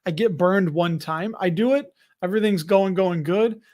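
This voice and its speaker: A man's voice: high voice, normal speed, darkish tone. A man with a Chicago accent hosting a live investing stream, chatting casually, joking and laughing often as he reads comments.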